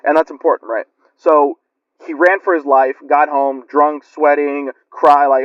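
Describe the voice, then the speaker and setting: A man's voice: on the high side, level tone, moderate pace, no echo. A man telling a spooky story in a rambling, chatty way with lots of fillers. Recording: lo-fi muffled recording.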